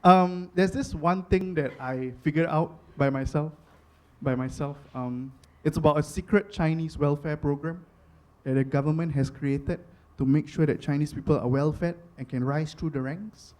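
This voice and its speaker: A stand-up comedian with a Singaporean accent and a fairly high man's voice. He talks in a chatty, conversational rhythm, loops back on his own phrases and punches them harder each time. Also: moderate pace. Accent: Singaporean English. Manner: animated, chatty, rhetorical repetition.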